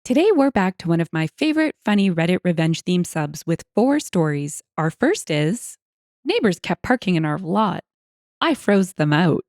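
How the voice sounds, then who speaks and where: A woman reading online stories aloud as scripted narration, expressive and wry, with lively asides. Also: on the low side, normal speed, no echo, clean studio sound.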